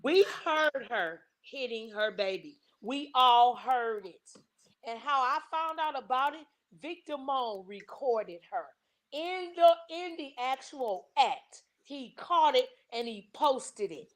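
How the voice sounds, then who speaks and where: A woman with a high voice angrily calls someone out on a livestream. She accuses and swears with mounting indignation. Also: expressive, slow. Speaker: livestream panelist. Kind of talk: heated livestream call-out.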